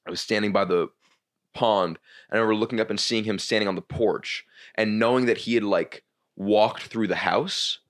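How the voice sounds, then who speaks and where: A comedian man tells a story in a loose, rambling way on a podcast. He restarts his sentences often and swears freely. His voice sits on the low side. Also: normal speed. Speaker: comedian guest.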